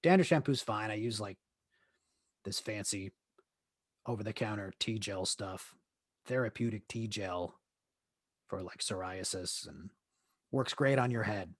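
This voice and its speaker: This monologue comes from a podcast host in leg pain, seated as he tells a crude, joking story that rambles and keeps restarting on his own show. He sounds husky and on the low side, speaking at a measured pace with long pauses. The studio sound is clean, with no room sound.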